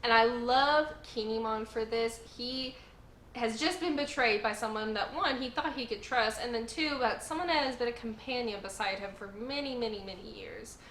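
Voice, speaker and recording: A woman's voice: on the high side, normal speed. A woman hosting her own channel, recapping a story with gushing, emphatic enthusiasm and repeated exclamations. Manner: gushing, animated, emphatic repetition. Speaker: host. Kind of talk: excited casual recap. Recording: echoey room with faint noise.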